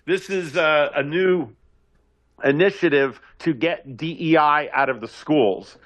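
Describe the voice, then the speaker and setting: A man, a guest commentator, reading political news aloud haltingly in casual talk and correcting himself as he goes. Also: fairly high pitch, fairly bright tone.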